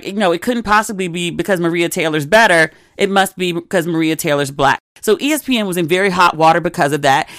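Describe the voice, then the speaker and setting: A woman's voice: on the low side, quick pace, few pauses, fairly bright tone, no echo, studio quality. A woman in her forties hosting a solo podcast, telling stories in a candid, chatty way full of asides. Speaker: podcast host. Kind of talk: casual solo podcast chat.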